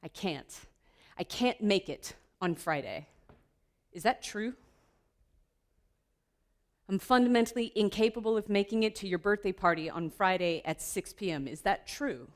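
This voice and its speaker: Lively woman giving a keynote. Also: mid-range voice, moderate pace, pauses often. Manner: lively, playful, laughs often. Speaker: keynote speaker. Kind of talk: conference keynote talk. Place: conference room.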